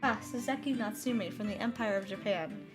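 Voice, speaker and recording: A woman's voice: medium pitch, normal speed, over music, natural voice. A woman voicing a weary young male student on trial, speaking reluctantly and grumbling. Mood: grudging.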